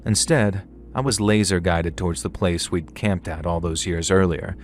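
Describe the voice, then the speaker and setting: Male narrator, middle-aged, very low voice, measured, dry humour, first-person horror tale. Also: faint music behind. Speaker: storyteller.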